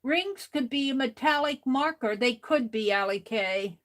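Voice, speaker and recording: Slow-talking tired woman crafting live. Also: a little high, expressive. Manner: soft-spoken, talking to herself as she works. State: tired late at night. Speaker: crafting livestream host. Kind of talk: casual talk while crafting live.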